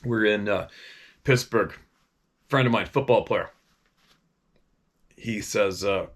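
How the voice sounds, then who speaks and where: A man's voice: fairly low pitch, moderate pace, fairly bright tone. A middle-aged man from Vancouver Island, a hunting guide telling stories in a rambling, profane way that often restarts mid-sentence. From Vancouver Island, Canada. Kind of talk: casual storytelling.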